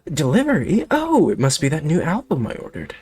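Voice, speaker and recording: A bright, friendly young hotel clerk greeting guests, as a man puts her on. Her voice pops up high and quick, lively and polite, with faint game music behind. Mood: chirpy.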